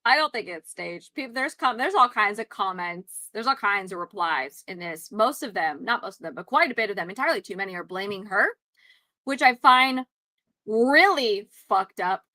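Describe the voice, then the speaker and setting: A woman's voice: mid-range voice, animated, normal speed, bright, forceful tone, dry recording. A woman co-hosting a casual chat show, talking in an emphatic, outspoken way and swearing freely. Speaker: podcast co-host.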